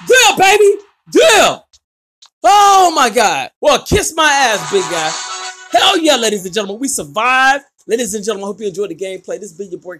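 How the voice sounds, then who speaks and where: Excitable man with a bright voice. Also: high voice. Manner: excitable, slangy, yelling at teammates. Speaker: gaming channel host. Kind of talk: live gameplay commentary.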